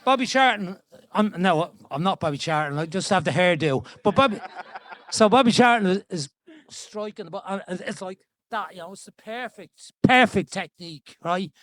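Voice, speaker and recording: A man in his seventies with a Dublin Irish accent, telling stories in an animated, chatty way as the guest in an on-stage conversation. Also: high voice, moderate pace. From Ireland. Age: 70s. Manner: chatty, animated storyteller with frequent restarts and laughs. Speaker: guest being interviewed. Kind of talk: storytelling conversation. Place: event stage before an audience.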